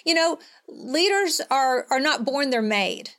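A woman's voice: high voice, lively intonation, a little slow, a bit bright. A middle-aged woman, speaking as a guest in earnest, emphatic, pleading political talk. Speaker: guest, advocacy leader.

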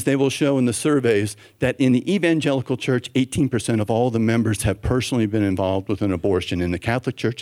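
A man's voice: medium pitch, darkish tone. A man, a doctor speaking to a church audience, telling a story and acting out the voices of the people in it. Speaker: physician speaking at a church event. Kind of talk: storytelling talk.

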